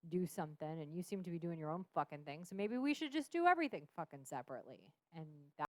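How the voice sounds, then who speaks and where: A woman's voice: low-pitched, expressive, fast, a little mellow, no room sound. A woman in her thirties, a podcast guest, frankly telling a personal story with frequent swearing and laughter. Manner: frank, profane, laughs often. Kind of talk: candid storytelling.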